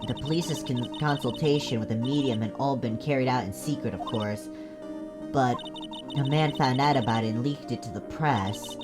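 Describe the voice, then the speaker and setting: A woman's voice: extremely low pitch, normal speed. A woman streamer casually reading all the game's dialogue aloud in her own voice, joking between lines. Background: game music.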